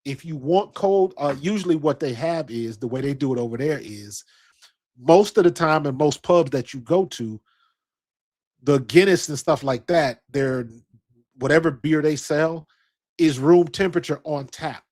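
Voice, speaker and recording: A man's voice: a little high, a little slow, darkish tone. Middle-aged American guy, stream host, casual chat, slangy, rambling, lots of restarts. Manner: loose, rambling, slangy, with frequent restarts and asides.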